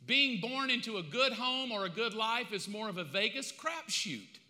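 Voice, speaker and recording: A man preaching a sermon as pastor, emphatic and conversational, swinging from loud to hushed. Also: high voice, lively intonation, moderate pace. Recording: long hall reverb.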